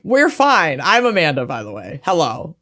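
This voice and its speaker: A woman with a Minnesotan accent co-hosts a podcast in loose, slangy, joking chat. Her voice sits very low for a woman. She jumps in with quick asides and teasing. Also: huge pitch swings, pushed and bright. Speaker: podcast co-host. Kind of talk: casual chat.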